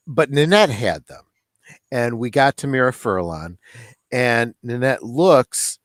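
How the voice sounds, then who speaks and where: Man, co-host, casual storytelling, very lively pitch, dry close sound. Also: no echo. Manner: animated storyteller who acts out the people he quotes. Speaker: co-host of a fan stream show.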